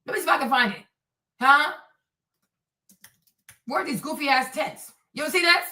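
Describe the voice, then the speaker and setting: A woman hosting a livestream, delivering a heated commentary rant that is animated and profane, with phrases repeated for emphasis. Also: high-pitched, moderate pace, recorded from a distance. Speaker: livestream host. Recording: roomy and off-mic.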